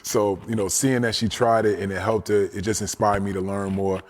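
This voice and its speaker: Deep-voiced man telling a story. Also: fairly quick, a little hiss or hum. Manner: animated storyteller, often says "you know what I'm saying". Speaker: guest. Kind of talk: casual storytelling.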